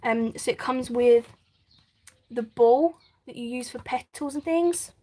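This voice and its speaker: A woman's voice: fairly high pitch, measured pace, a little mellow. A woman hosting a live crafting stream, chatting casually, reading viewer comments and laughing often. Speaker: craft channel host.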